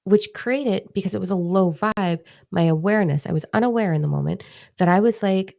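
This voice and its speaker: A woman's voice: medium pitch, a little fast, creaky, darkish tone. A woman hosting a casual spiritual live chat, candid and swearing freely as she acts out her own reactions, speaking into a microphone. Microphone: microphone in front of her face.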